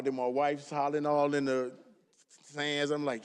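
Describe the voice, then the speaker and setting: A retiring state representative giving a casual, heartfelt farewell speech and thanking colleagues by name in a legislative chamber. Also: male voice, on the high side, steady tone, moderate pace, smooth. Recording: long reverb of a large legislative chamber.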